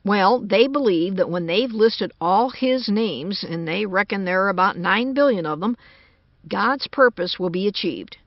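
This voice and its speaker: A woman's voice: mid-range voice, animated, unhurried, dry recording. An anxious engineer man talks with urgent unease, as a woman narrator puts him on. The storybook recording is dry and dull, like an old lo-fi tape. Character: worried American man, a computer engineer.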